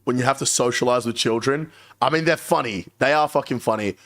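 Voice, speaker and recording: A man's voice: medium pitch, brisk, a bit bright, dry recording. A young man chatting casually on a live stream, cursing freely and laughing as he tells stories. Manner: profane, laughing storyteller.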